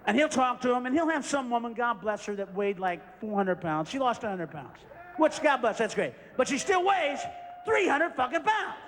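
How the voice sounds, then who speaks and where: A male stand-up comedian ranting profanely and shouting through a live routine. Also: very high-pitched, animated, moderate pace, big-room sound, slight background noise.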